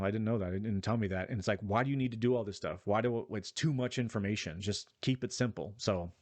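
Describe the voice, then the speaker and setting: Low-ish guy rambling about a game, swears a lot, dry close sound. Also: dry recording. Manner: rambling, profane, opinionated. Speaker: gaming vlogger. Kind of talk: casual spoken game review.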